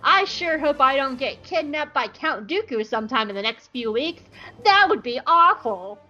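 A woman's voice: high-pitched, animated, normal speed, sharp tone, muffled recording. A woman voicing a cheerful, naive male army medic with a chirpy, overly upbeat manner.

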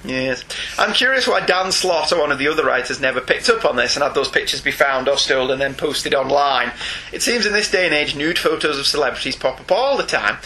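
A man's voice: a little high, animated, brisk, bright, forceful tone, slight background noise. A man with a Northern English accent co-hosting a podcast, reading listener emails aloud and teasing his co-host with frequent laughter. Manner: teasing and jokey, laughs often.

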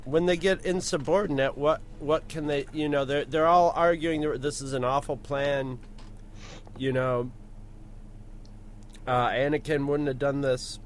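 A man podcast co-host talking in a halting, thoughtful way. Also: a little high, fairly even intonation, a little hiss or hum. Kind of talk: casual chat.

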